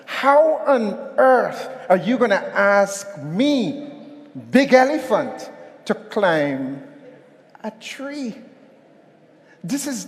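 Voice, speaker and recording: A man's voice: high voice, exaggerated voice. A man voicing an indignant big male elephant who protests being treated unfairly, heard in a reverberant hall. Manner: protesting, outraged.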